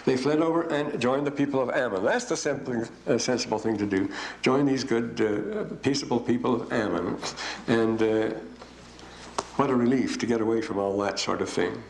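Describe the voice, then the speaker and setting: An older man giving a rambling, digressive classroom lecture with frequent pauses. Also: medium pitch. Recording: echoey room, faint hiss.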